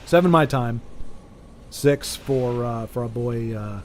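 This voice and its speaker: A man streaming a game and chatting casually, rambling with frequent restarts and sudden excited bursts. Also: mid-range voice, takes it slowly, a little hiss or hum. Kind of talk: casual chat while gaming.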